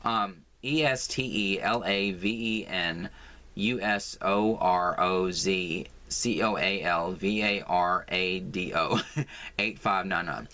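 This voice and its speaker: A man's voice: low-pitched, slow, pushed and bright. An American man talking through a casual crafting vlog at home, rambling with lots of fillers and sounding exasperated. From United States. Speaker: crafting vlogger.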